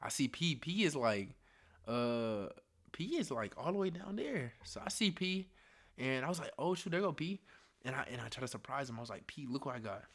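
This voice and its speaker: A young man tells a story to his viewers in loose, slangy talk. He is animated, sinking into hushed asides and then rising to loud bursts. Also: medium pitch, a little fast. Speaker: storytime vlogger. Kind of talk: casual storytelling.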